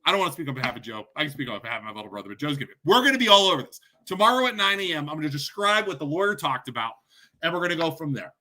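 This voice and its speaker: A man in full furious rant mode, hammering his points with short repeated phrases. His voice sits high and comes out sharp and forceful as he vents as a parent and coach. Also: lively intonation, rapid-fire. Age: adult, parent. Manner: furious, ranting, punchy repetition. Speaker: podcast host. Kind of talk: angry monologue to camera.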